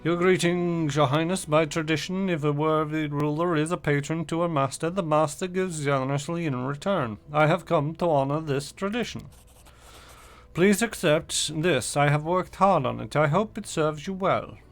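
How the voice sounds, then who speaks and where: A man's voice: fairly high pitch, normal speed, pitched above the performer's own voice, natural voice. A man voicing a formal court craftsman in a put-on accent while playing a game. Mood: ceremonious. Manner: formal, ceremonious.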